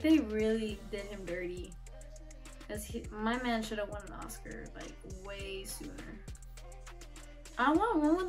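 A young woman hosting a casual solo podcast, recorded on her phone, giggling and swearing as she reads memes aloud. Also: fairly high pitch. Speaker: podcast host.

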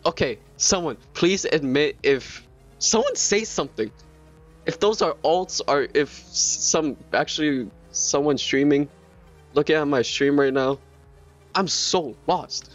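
A man streaming a video game live, chattering excitably and repeating himself in quick bursts. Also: on the high side, faint music behind. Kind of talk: casual live gameplay commentary. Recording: dull lo-fi stream mic.

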